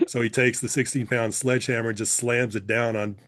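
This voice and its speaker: A man in a relaxed podcast chat, retelling a story with plenty of laughs and the odd cleared throat. His voice sits at a middling pitch. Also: brisk. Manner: chatty, laughs often, clears throat, restarts.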